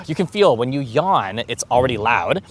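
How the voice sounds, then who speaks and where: A man coaching viewers to speak more clearly, talking to camera in an animated, demonstrative way with exaggerated enunciation. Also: medium pitch. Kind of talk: instructional talk to camera.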